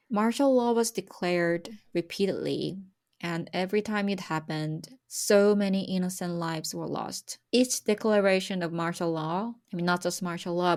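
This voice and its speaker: A woman's voice: lowish voice, a little mellow. A young woman from South Korea, speaking earnestly and with emotion as a podcast guest about her country's history. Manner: earnest, emotional, repetitive emphasis. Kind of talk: personal conversation about history.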